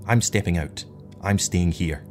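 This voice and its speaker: A man's voice: low-pitched, a little slow, faint music behind. A man voicing an earnest, defiant young crewman who speaks with passion. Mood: impassioned.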